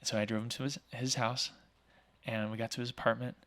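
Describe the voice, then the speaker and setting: An energetic man in his thirties, from Oregon, chats as an interview guest with a middle-pitched voice. He talks fast and freely, leans on "like" and "um", and slips into quick impressions of the people in his stories. The delivery is casual and animated. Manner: energetic, talkative, acts out quoted voices; frequent fillers like "like" and "um". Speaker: podcast guest, small business owner.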